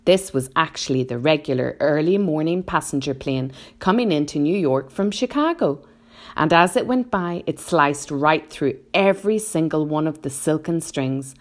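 A woman narrating a children's storybook with an expressive, animated delivery. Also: low voice. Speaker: audiobook narrator.

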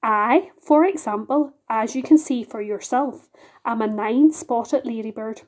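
A woman's voice: fairly high pitch, a little slow. Woman voicing a prim, genteel lady ladybird. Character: modest proud female ladybird.

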